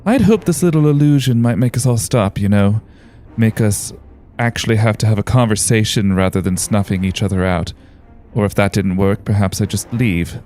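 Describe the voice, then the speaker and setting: A man voicing a sly, weary male spymaster in a tabletop game, talking softly and knowingly. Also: lowish voice, moderate pace, faint music behind, lightly acted. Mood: wry.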